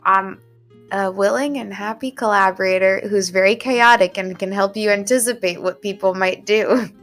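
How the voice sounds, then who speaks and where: A woman's voice: mid-range voice, steady tone, normal speed, fairly bright tone, faint music behind. A woman guest on a live stream, playful and chaotic, joking with the other guests. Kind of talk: casual stream chat.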